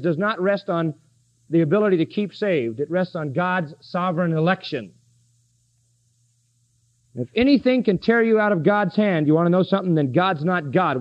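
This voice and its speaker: A man preaching a sermon with emphasis, asking his listeners questions and answering them. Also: high-pitched. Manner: emphatic, asks the congregation questions. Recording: dull lo-fi recording.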